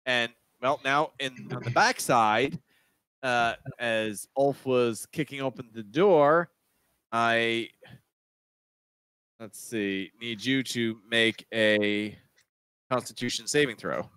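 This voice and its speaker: A man running a tabletop game over a video call, narrating in a halting way with many restarts. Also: medium pitch, fairly bright tone, clean tone, dry recording. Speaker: game master. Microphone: video call mic.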